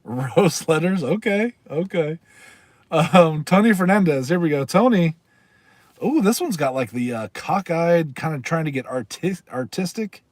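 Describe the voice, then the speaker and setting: This livestream host's voice is a little high with lively intonation, and he talks a bit slowly as he rambles, reads aloud and laughs often with viewers. The recording has no echo.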